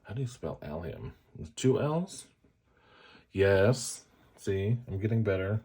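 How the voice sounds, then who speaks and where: Swatching fountain pen inks for his viewers, this ink reviewer, an adult and a parent, jokes around, pokes fun at himself and drifts into chatty asides. He speaks slowly in a low, husky, dark-toned voice that stays animated.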